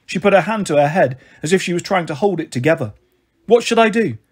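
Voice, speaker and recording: A man reads a children's novel aloud in a steady first-person narration. His voice sits a little high for a man and has a husky edge. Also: fast talker. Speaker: storyteller. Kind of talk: storybook reading.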